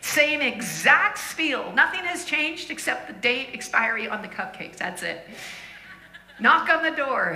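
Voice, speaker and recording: Female preacher, animated storyteller, slightly high voice, roomy church sound. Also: measured pace. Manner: lively, laughing, acts out quoted voices. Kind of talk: sermon storytelling.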